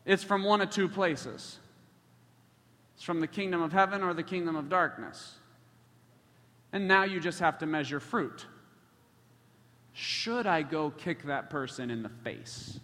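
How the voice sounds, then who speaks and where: A man's voice: a little high, expressive, a little slow, pauses often, bright, forceful tone. A man preaching a sermon, telling stories and joking with the congregation. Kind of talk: sermon storytelling. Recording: long hall reverb.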